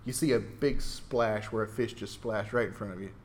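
A man running a tabletop game as game master, narrating scenes in an easygoing, relaxed way. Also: lowish voice, normal speed.

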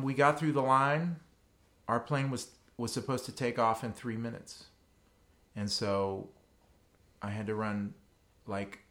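A man's voice: on the low side, fairly bright tone. A man co-hosting a podcast, recounting a trip in a plain, matter-of-fact way. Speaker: podcast co-host. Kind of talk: casual storytelling.

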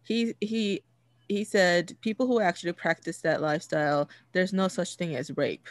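A woman's voice: on the low side, normal speed, no echo, clean studio sound. Chatty woman telling a story. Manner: chatty, many fillers and restarts, laughs while telling. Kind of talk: casual storytelling chat.

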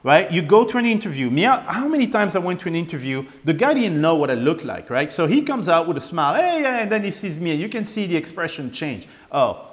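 A man's voice: a little high, quick pace, hardly any pauses, in a large hall. A young man from France hosting a podcast, telling a personal story with repeated words and acted-out quotes. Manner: animated, repeats words, acts out quoted lines. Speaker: podcast host.

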